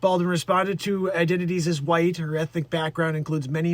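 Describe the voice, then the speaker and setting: A man's voice: on the high side, flat delivery, fairly quick, no room sound. A man hosting a comedic news show, reading stories and riffing in a rambling, self-interrupting, mocking way.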